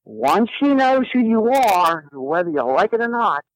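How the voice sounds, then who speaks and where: A man telling a personal story as a guest, in a lively, animated way. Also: sits high, unhurried, rough recording. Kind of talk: storytelling in a conversation.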